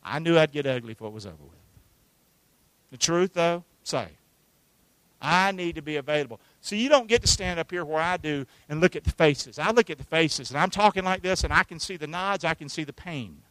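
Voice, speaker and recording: A man preaching a sermon to his church, talking conversationally with rhetorical questions and swinging from hushed asides to loud, emphatic lines. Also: a little high, expressive, a little fast, dry recording. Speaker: pastor. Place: church sanctuary.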